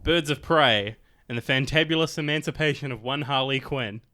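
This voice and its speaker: Bright-voiced young man, rambling chat. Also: mid-range voice, moderate pace, clean tone, no room sound, studio quality. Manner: rambling, many "like" fillers, laughs often. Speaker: podcast co-host. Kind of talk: casual chat.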